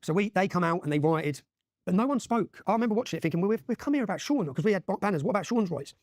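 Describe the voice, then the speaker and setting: Rapid-fire English man, urgent storyteller. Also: high voice, animated, darkish tone, no room sound, clean studio sound. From England. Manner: urgent, emphatic, checks in with frequent "yeah?". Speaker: interview guest. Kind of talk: impassioned storytelling in a podcast interview.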